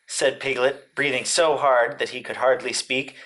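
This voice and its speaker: A man, a teacher, reading a children's storybook aloud in an expressive way. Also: medium pitch, moderate pace.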